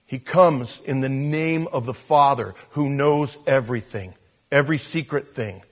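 A man preaching a sermon as pastor, swinging between loud emphasis and quiet asides. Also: mid-range voice, unhurried.

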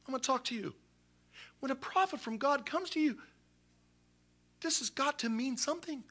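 A man's voice: very high-pitched, normal speed, pushed and bright, voice pushed up, full character voice. A man voicing the prophet Isaiah as an urgent, insistent messenger in a sermon. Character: prophet Isaiah, stern old male messenger.

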